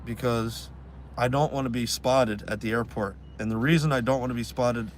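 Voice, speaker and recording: A man chats on a live stream outdoors, telling stories with lots of energy at a middle, everyday pitch. A faint hum of passing cars sits behind him. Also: normal speed. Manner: animated, acts out fans' voices. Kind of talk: casual storytelling chat.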